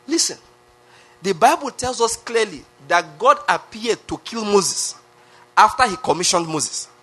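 A Nigerian-accented pastor preaching a sermon with emphatic repetition, often asking the congregation questions. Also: male voice, sits high, expressive, unhurried, sharp tone, breathy edge. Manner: emphatic, repeats phrases, asks the crowd questions.

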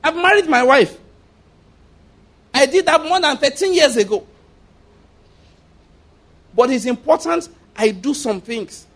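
A middle-aged male pastor preaching a sermon in an emphatic, animated way, often repeating his phrases. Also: very high voice, measured pace, long pauses.

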